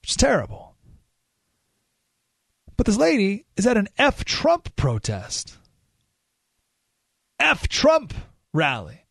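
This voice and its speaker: A man hosting a talk radio show, telling a story in an animated, emphatic way with rising indignation. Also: high-pitched, slow, vocal fry, long pauses, breathy edge, dry recording, clean studio sound. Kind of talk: opinionated radio monologue.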